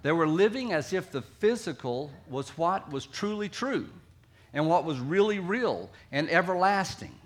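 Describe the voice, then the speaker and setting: A middle-aged man with a Southern American accent preaching a sermon earnestly, swinging between emphatic lines and soft, quiet ones. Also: a little high. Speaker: pastor.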